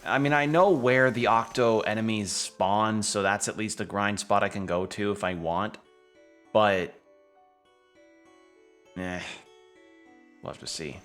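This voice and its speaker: A man's voice: lowish voice, unhurried, long pauses, a bit bright. A young man streaming a video game, musing aloud in casual commentary and sometimes reading game text in a dramatic voice. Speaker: gaming streamer. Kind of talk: casual let's-play commentary. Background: game music.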